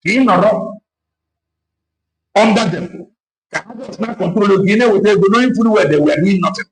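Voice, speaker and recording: A gravelly-voiced man speaks with urgency, mixing Igbo and English and hammering his points through repetition. His voice sits a little high for a man, and a faint hiss runs behind it. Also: rough recording. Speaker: activist speaker. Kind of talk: impassioned political talk.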